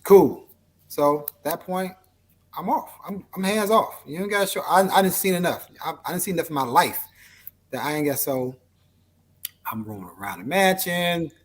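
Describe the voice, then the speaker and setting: A man's voice: fairly high pitch, lively intonation, normal speed, fairly bright tone. A man as an interview guest, telling a story in a laid-back, rambling way full of fillers. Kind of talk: casual storytelling.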